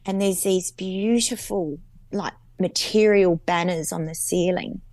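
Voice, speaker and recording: A woman's voice: on the low side, fairly even intonation, unhurried, darkish tone, no room sound. A woman in her fifties with an Australian accent, a guest chatting as she recounts a dream, with lots of fillers and repeats. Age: 50s.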